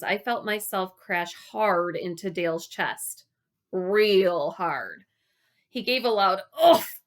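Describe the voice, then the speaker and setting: Lady reading a kids book out loud, slow and bouncy, lots of ups and downs. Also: mid-range voice. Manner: expressive, unhurried storytelling. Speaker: reader. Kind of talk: reading a children's book aloud.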